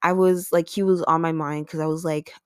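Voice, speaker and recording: A woman's voice: sits low, flat delivery, fairly quick, smooth, no echo, studio quality. A woman hosting a podcast, telling a personal story in a chatty way, with plenty of "like" and "um". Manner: chatty, lots of "like" and "um". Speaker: podcast host. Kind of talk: casual confessional storytelling.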